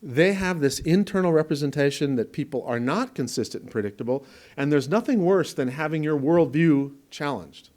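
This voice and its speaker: Man giving a lively lecture. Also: fairly high pitch, normal speed. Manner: conversational, explains with examples and asides; repeats words for emphasis. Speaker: presenter at a training event. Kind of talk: conference lecture. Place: presentation room with an audience.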